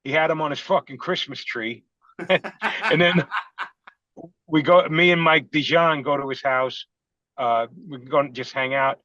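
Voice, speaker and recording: A man's voice: on the high side, measured pace, sharp tone, no room sound. New man, podcast guest; rambling, swear-heavy storyteller, muffled dry recording. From Queens, New York. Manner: profane, rambling anecdotes with quoted voices. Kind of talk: casual chat, storytelling. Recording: dull, dry lo-fi sound.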